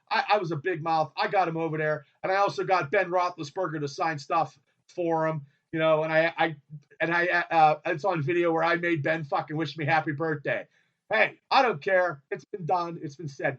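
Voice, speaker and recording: A fairly high-voiced man hosts an internet radio show, rambling loudly through a story. He swears freely, trails off and starts his sentences again. The audio is dull and lo-fi, as if from a home studio. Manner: excitable, loud and profane, often trailing off and restarting.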